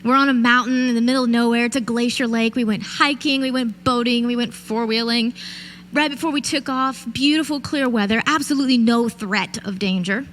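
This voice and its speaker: A woman's voice: a little high, steady tone, brisk, a bit bright, a little hiss or hum. A woman in her late twenties to thirties giving a motivational keynote speech, telling a vivid personal story and addressing the audience directly. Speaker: keynote speaker. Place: event stage.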